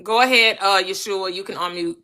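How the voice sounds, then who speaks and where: A woman hosting a live-stream panel, talking bluntly and briskly in a streetwise way. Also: mid-range voice, a crowd in the background. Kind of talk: casual live-stream talk.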